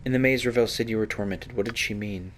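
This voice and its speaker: A man's voice: lowish voice, fairly quick, a little hiss or hum, natural voice. A man reading the lines of an earnest, plain-spoken amnesiac male hero in a fantasy game.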